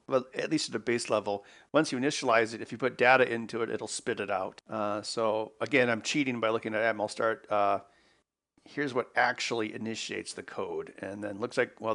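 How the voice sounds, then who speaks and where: A man's voice: medium pitch, a bit bright. A man hosting an electronics video, talking casually to himself as he works through a problem. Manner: muttering to himself while working. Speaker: electronics maker host. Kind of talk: casual work-along narration.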